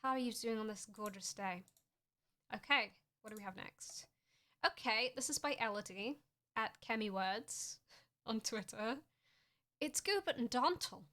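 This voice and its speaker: Young woman streamer, slow deadpan jokey chat, kinda high voice. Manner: playful, deadpan jokes with frequent laughs. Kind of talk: casual stream chat showing fan art.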